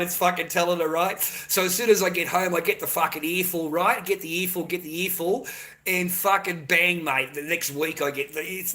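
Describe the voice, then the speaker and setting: A man rants at length in a rambling, swearing flow. His voice sits a bit high and sounds bright and forceful. He keeps checking in with the listener as he goes. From Australia. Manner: rambling, swears often, keeps asking "right?" and "mate". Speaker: vlogger. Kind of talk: profane ranting monologue.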